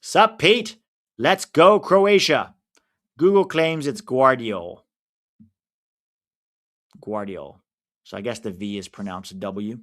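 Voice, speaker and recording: An American man commenting casually on a live football match for his stream viewers, reacting loudly to big moments. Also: lowish voice. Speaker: watch-along streamer.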